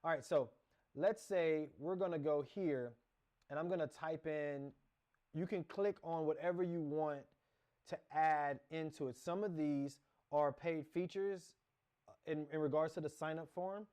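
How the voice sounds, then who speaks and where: A man's voice: on the high side, a little slow, darkish tone. Rambling man talking through a screen tutorial. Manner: rambling, self-correcting, talks through clicks. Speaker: course instructor. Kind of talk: casual screen-share tutorial.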